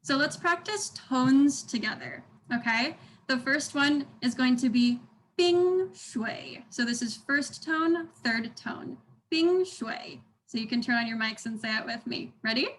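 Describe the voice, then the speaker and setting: A woman's voice: a little high, moderate pace, few pauses, a bit bright, slight background noise, low-quality recording. A young woman teaching an online language workshop over a video call, upbeat and encouraging, modeling sounds for the class to repeat. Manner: upbeat, encouraging, demonstrates tones aloud.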